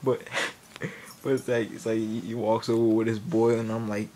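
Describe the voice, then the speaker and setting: A man's voice: fairly low pitch, little pitch movement, normal speed, warm tone, a little hiss or hum. Laughing, rambling young man telling stories. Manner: rambling, laughing, self-interrupting. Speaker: vlogger. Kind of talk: comedic storytelling.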